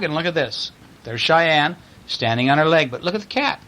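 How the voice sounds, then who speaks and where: A man's voice: a little high, animated, sharp tone, low-quality recording. Playful man reading bedtime stories. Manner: playful, chatty, pauses to point at pictures. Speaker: storyteller reading picture books to a child. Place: in bed at home.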